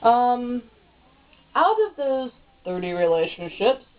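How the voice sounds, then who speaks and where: A woman's voice: on the high side, expressive, slow. A woman asking the questions in a casual home video interview, in a playful, teasing manner. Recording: tinny phone-like sound.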